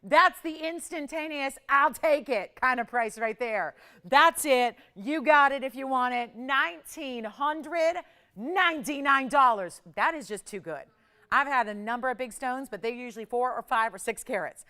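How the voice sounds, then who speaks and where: A woman's voice: a little high, moderate pace, pushed and bright, smooth. A middle-aged woman hosting a live jewelry sales show, bubbly and persuasive, laughing often as she urges viewers to call. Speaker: shopping channel host.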